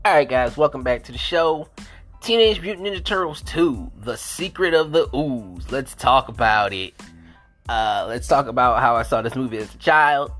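A man hosting a casual review vlog who rambles through childhood memories. His speech is full of "like" fillers and swearing, and he breaks into laughter often. His pitch moves in a lively, animated way. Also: moderate pace, faint music behind. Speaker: host of a movie review show. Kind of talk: casual nostalgic vlog chat.

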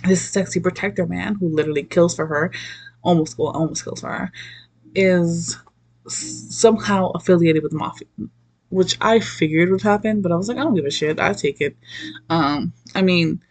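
An animated woman rants through a movie recap in a loose, casual way. Her talk is salted with swearing and she keeps slipping into the voices of the people she describes. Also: on the low side. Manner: animated, profane, laughs often, acts out quotes.

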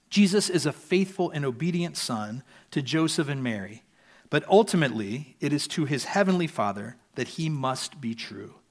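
Male pastor, sermon, earnest, fairly high voice, softens at line ends. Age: adult parent.

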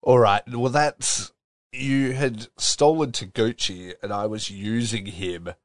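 A man's voice: lowish voice, steady tone, slow pace, no room sound, studio quality. A man co-hosting a casual wrestling podcast, laughing often and speeding up when he recaps. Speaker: podcast co-host.

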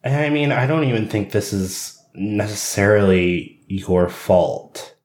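A man playing a young adult friend who talks through hurt feelings in a hesitant, halting way, in an improvised role-play. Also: fairly low pitch, darkish tone.

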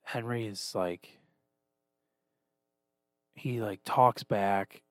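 A man's voice: fairly low pitch, steady tone, drawn-out words, no echo, clean studio sound. A man in his thirties, a podcast co-host talking casually, self-deprecating and swearing a lot. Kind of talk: casual chat.

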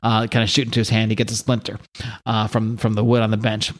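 A man's voice: lowish voice, monotone, quick pace. Man, podcast co-host, casual recap of a comic, light character reads. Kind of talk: casual chat, reading a comic aloud.

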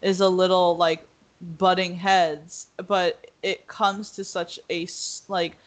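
Give me a young woman chatting casually, rambling and filler-heavy, on the low side. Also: flat delivery, takes it slowly. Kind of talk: casual podcast discussion.

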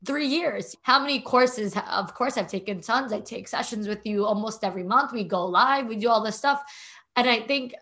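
A woman's voice: fairly high pitch, moderate pace, sharp tone. A woman, a longtime student, speaking emotionally and rambling with many fillers. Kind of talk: heartfelt conversation.

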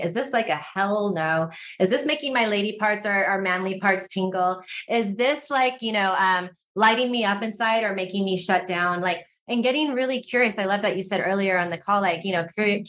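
A woman talking as a podcast guest in a casual, animated way, often saying "like". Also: mid-range voice. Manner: animated, frequent fillers like "like".

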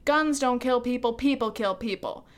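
Woman doing a scornful pro-gun man, put-on accent, mocking, blunt, high-ish voice. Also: normal speed, clear, resonant tone, lightly acted.

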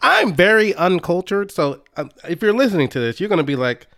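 A man's voice: high-pitched, sing-song, brisk, fairly bright tone. A young man co-hosting a podcast in casual chat, laughing often and poking fun at himself. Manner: laughs often, self-deprecating, spells out words. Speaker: podcast co-host.

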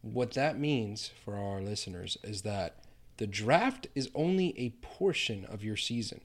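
A man co-hosting a podcast, giving tips in relaxed, teasing banter. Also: fairly low pitch, a little slow. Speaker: podcast co-host. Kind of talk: casual chat.

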